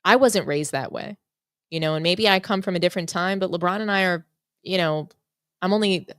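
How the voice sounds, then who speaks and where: A woman in her thirties hosting a sports talk show, giving frank and measured opinions. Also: on the low side, fairly bright tone, clear, resonant tone, dry recording, clean studio sound. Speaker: podcast host. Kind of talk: casual commentary.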